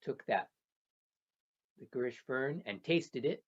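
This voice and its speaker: A storyteller speaking slowly and gently, repeating phrases while telling a traditional tale to children. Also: mid-range voice, expressive. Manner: slow, gentle and repetitive, with soft trailing phrases. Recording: dull lo-fi recording.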